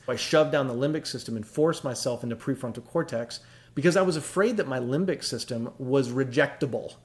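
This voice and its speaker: Middle-aged man, earnest, confessional, explanatory talk, mid-pitched voice. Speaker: host. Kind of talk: reflective monologue.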